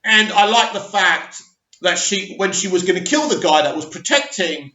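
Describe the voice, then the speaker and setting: A man giving an opinionated, animated review of a TV episode and talking straight to his viewers. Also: high voice, moderate pace. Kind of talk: casual reaction review. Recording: echoey, slightly dull recording.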